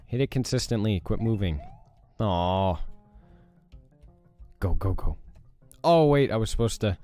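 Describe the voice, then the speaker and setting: A young man giving casual let's play commentary, reacting loudly to the game, groaning and swearing. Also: lowish voice, a little slow, soft background music. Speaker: gaming YouTuber.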